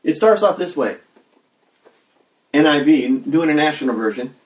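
A man preaching a sermon as pastor, talking conversationally and breaking into loud acted exclamations. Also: fairly high pitch, lively intonation, moderate pace, long pauses. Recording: roomy sound, mic at a distance.

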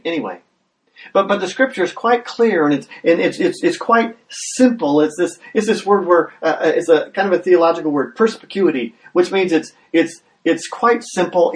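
A pastor preaches in a fairly high voice with lively intonation at normal speed, earnest and plain, often stumbling over the opening words of a phrase. He builds momentum by putting repeated questions to his listeners. The mic is some way off, and the audio is poor.

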